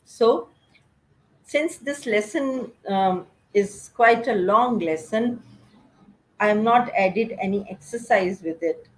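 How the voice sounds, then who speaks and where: A woman's voice: medium pitch, slow, rough recording. A woman, teaching a recorded lesson and asking her students rhetorical questions. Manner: explanatory, asks rhetorical questions. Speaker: English teacher. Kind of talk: recorded lesson explaining a play.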